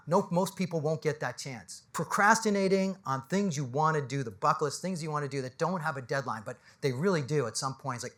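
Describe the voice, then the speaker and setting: An animated male business coach holds forth at a live panel event, his voice bright and sitting a touch high. He speaks in short, punchy bursts full of rhetorical questions. He keeps checking in with the room with a quick "right?". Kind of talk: motivational talk to a live audience. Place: indoor event space with an audience.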